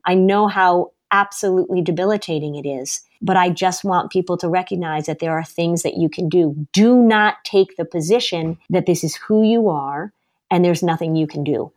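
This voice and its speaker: A woman's voice: on the low side, normal speed, darkish tone. A woman therapist speaking as a podcast guest, earnest and emphatic about her views. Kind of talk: podcast interview.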